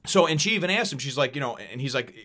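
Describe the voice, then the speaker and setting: Casual male reviewer, loose and profane, medium pitch, plenty of fillers. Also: animated, fast, bright, forceful tone. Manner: rambling, profane, many fillers and laughs. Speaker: manga reviewer. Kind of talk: casual chat.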